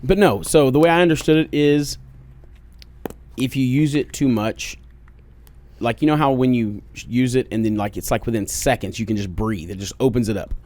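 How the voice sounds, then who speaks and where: A man's voice: mid-range voice, normal speed, a little mellow. A man with an Oklahoma accent co-hosting a casual podcast, blunt and joking, swearing freely at a studio microphone. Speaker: podcast co-host.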